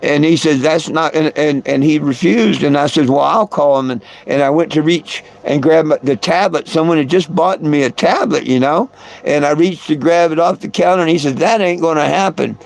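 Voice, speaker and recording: On a live stream, a host whose voice sits on the high side, with vocal fry, talks at a moderate pace. His long story to viewers wanders casually, with repeated words and chuckles between lines.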